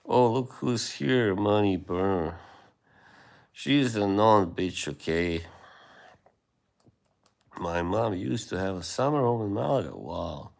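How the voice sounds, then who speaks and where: A man hosting a livestream, chatting casually with viewers in a rambling, hesitant way with many fillers and soft laughs. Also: fairly low pitch, expressive, slow pace, vocal fry, long pauses. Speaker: livestream host.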